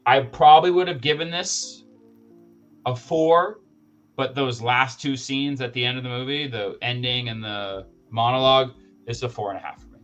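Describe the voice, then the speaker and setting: Faint music plays behind a podcast co-host as he gives an excited, offhand movie review on a live show, rambling with many fillers and restarts. He has a mid-range, slightly bright voice, fairly even intonation, and a normal pace.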